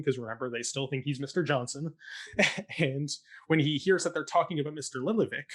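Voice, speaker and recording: A man's voice: on the high side, fairly quick, fairly bright tone. A young man co-hosting a talk show, recapping a stage play in a chatty, sarcastic way and mock-quoting the characters. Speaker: podcast co-host recapping a stage production. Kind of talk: casual chat.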